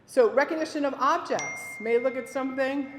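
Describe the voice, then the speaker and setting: A woman's voice: high voice, moderate pace, a little hiss or hum. Woman teaching dementia care in echoey hall. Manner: lively storytelling with acted quotes. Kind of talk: presentation to an audience. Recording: echoey hall with faint ambience.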